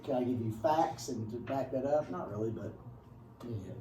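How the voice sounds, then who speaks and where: A man's voice: mid-range voice, animated, brisk, warm tone. A male history teacher giving a casual classroom lecture, rambling with joking asides. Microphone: far camera. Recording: echoey room from far off.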